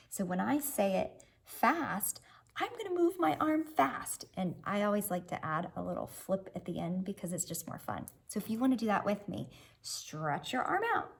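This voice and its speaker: A woman's voice: medium pitch, creaky, husky. A woman teacher leading a children's reading lesson, cheerfully prompting young learners to sound out and blend words.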